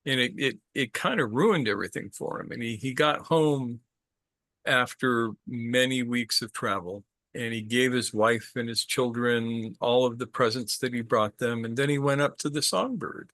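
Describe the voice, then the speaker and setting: A man's voice: medium pitch, moderate pace, fairly bright tone, dry recording. A man telling a traditional story to a group in a casual way, repeating words and stopping to ask questions.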